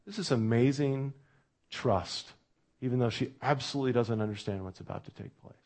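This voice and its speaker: A man's voice: mid-range voice, normal speed. Conversational man preaching a sermon. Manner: conversational preaching, drops to a hush on quoted words. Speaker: pastor.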